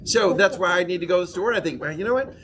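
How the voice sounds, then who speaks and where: A man's voice: high-pitched, racing, fairly bright tone, a little hiss or hum. A middle-aged male pastor teaching a sermon class, with rising emphatic proclamations and call-and-response affirmations. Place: church classroom.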